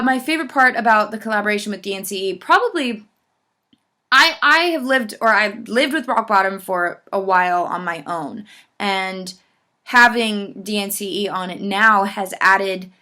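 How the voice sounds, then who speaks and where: Woman singer reading fan questions, super enthusiastic, bright clear voice. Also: medium pitch. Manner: effusive and enthusiastic. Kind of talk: casual fan Q&A chat.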